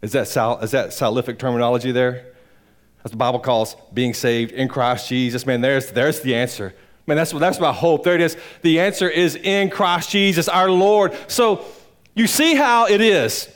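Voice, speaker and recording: A male pastor preaching a sermon in church, swinging between loud emphatic peaks and low quiet asides, with a rambling, folksy delivery. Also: fairly even intonation, moderate pace. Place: church sanctuary.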